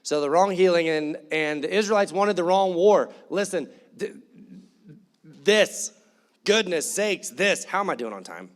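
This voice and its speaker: A man's voice: high voice, animated, unhurried. A man preaching in church, conversational and joking, acting out quoted voices. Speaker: pastor. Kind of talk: sermon.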